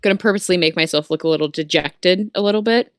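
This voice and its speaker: A woman's voice: lowish voice, fast, dry recording, clean studio sound. Woman player in a tabletop game.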